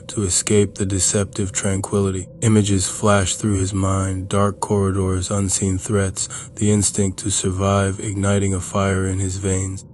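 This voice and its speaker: A man reading a scripted horror story in a slow, even, measured way. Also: low voice, slight background noise.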